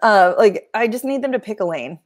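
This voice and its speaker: A woman's voice: medium pitch, expressive, brisk. A woman hosting a podcast, chatting casually about a TV episode with wry asides and plenty of filler words. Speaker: podcast host. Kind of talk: casual TV review chat.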